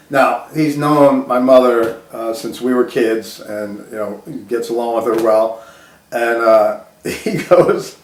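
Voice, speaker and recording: A man's voice: medium pitch, roomy sound. A man casually telling a personal story, laughing often and restarting his sentences.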